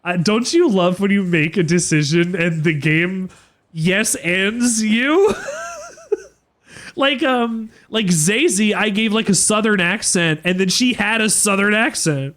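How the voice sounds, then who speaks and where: A man streaming a video game and giving animated, joking commentary that rambles a little. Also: high-pitched, takes it slowly. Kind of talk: let's play commentary.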